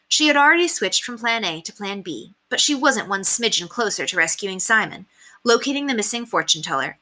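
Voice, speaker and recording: Lively woman reading a children's book aloud. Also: medium pitch. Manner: expressive, plays up character voices. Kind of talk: children's read-aloud narration.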